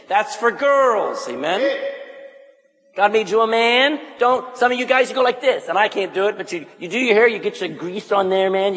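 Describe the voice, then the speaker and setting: Male pastor, high, swooping voice, teasing and animated, calls people out from the pulpit, church hall echo. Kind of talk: sermon to young men. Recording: echoey hall.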